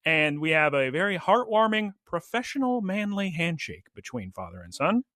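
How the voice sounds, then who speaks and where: A man with a bright, somewhat high voice co-hosts a casual podcast. He tells the story in a chatty, joking way. The sound is close and dry. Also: sing-song, moderate pace, dry recording. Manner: chatty, jokey storyteller, playfully acting out characters' lines. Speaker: podcast co-host. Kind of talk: casual podcast recap chat.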